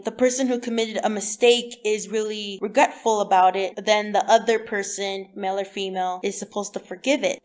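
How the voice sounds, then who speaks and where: A young woman giving a blunt, animated, profane show review as a casual vlog. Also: medium pitch. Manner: animated, blunt, swears freely.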